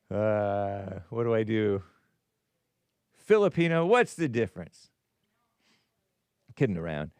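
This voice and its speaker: Smooth-voiced man hosting a rambling call-in show. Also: lowish voice, animated, drawn-out words, long pauses, darkish tone, no room sound, studio quality. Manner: rambling, jokey, laughs at his own asides. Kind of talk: casual live-stream chat, reading viewer messages.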